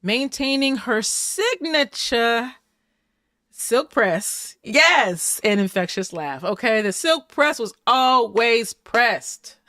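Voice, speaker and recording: A woman's voice: on the high side, lively intonation, slow pace, bright, forceful tone, dry recording, studio quality. A woman hosting a casual recap show, chatty and playful, laughing often as she talks. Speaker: host.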